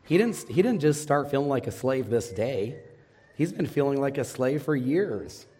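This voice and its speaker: A man's voice: mid-range voice, sing-song, normal speed, warm tone, breathy edge. A man in his thirties preaching a sermon as pastor, putting questions to the congregation and answering them himself. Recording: long reverb of a large hall.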